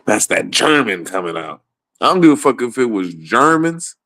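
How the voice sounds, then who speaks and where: A man's voice: medium pitch, very animated, moderate pace, sharp tone, no echo. Profane rambling man, close dry sound. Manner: profane, rambling, laughs often. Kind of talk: casual political rant.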